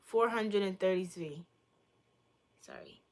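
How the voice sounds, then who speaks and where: A woman's voice: medium pitch, moderate pace, a bit bright. A young woman from Boston, a livestreamer chatting casually with her chat, playful, teasing and crude in her jokes. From Boston, United States.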